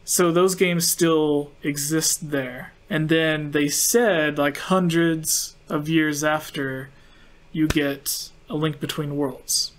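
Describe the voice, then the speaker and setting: A man's voice: a little high, fairly even intonation, slow. A man hosting a casual chat, explaining at length with lots of fillers. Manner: rambling, filler-heavy explaining. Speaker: podcast host.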